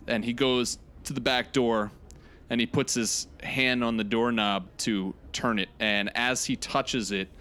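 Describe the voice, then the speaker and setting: A man playing a tabletop game, narrating his character's actions in deliberate, descriptive detail. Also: mid-range voice, fairly even intonation, pushed and bright. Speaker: player.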